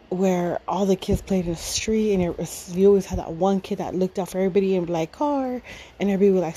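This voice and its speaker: A woman's voice: on the low side, mellow, slight background noise, rough recording. A woman in her thirties casually telling a fond family story, rambling with many fillers and frequent laughs. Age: 30s. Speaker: podcast storyteller.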